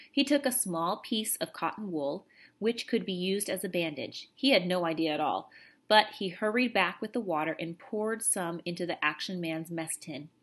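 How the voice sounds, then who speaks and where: A woman reading a children's novel aloud in a steady storytelling voice. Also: on the low side, slightly rough. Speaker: reader.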